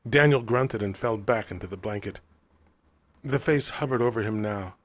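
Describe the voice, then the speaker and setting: Low voice guy reading an audiobook, measured and steady, super dry close sound. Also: no room sound. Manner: measured, even storytelling. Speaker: audiobook narrator. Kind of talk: scripted novel narration.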